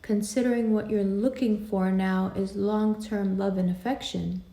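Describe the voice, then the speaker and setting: A woman giving a tarot card reading in an intimate, reassuring way. She laughs easily and sometimes drops into soft whispers. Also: mid-range voice, steady tone, a little slow. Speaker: tarot reader.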